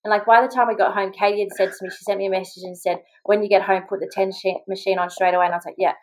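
A low-quality recording with a little hiss or hum carries this medium-pitched, steady voice. It belongs to a young Australian woman and mother telling her story casually in a podcast interview, chatty and quick and full of "like" and acted-out quotes.

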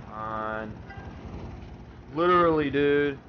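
A man's voice: on the high side, expressive, moderate pace, muffled recording, a little hiss or hum. A young man swearing and ranting in exasperation as he comments on his own gameplay. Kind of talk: let's-play commentary.

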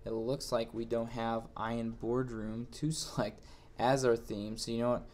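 Man talking through a software tutorial. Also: mid-range voice, flat delivery, normal speed, slight background noise. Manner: plain, reads each step then walks through it, thinks aloud. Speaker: instructor. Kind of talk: screen-recorded software tutorial.

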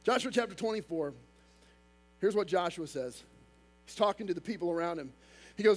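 A male pastor preaching a sermon, talking fast and emphatic, with casual asides to the congregation. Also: high-pitched.

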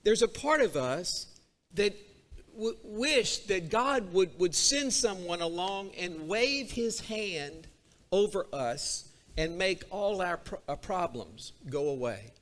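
Man, preacher, high voice, bright tone, lively sermon delivery in a church. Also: slow pace. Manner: animated, acts out a character's complaints. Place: church sanctuary.

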